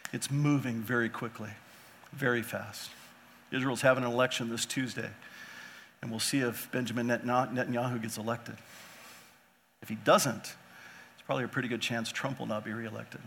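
Bright-voiced preacher, man. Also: mid-range voice, steady tone, normal speed, pauses often, slight background noise. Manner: impassioned, swings between quiet and loud emphasis; acts out biblical figures in casual modern speech. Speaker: pastor. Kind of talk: sermon.

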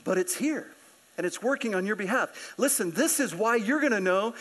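Man, pastor, sermon, high voice, animated, acts out characters. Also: normal speed. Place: church sanctuary.

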